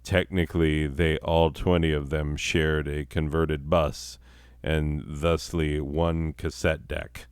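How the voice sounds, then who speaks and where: Very deep, slow, profane rambling man. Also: flat delivery, clear, resonant tone, no room sound, studio quality. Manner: profane, meandering, laughs at own jokes; sarcastic. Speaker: podcast host. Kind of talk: rambling comedic monologue.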